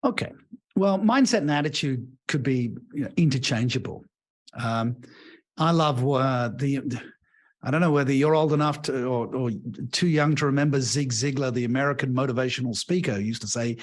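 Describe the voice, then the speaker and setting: A man's voice: medium pitch, moderate pace. A man who works as a leadership coach and author, talking expansively in a podcast interview, telling stories and acting out the voices of the people he describes. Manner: expansive storyteller, animated.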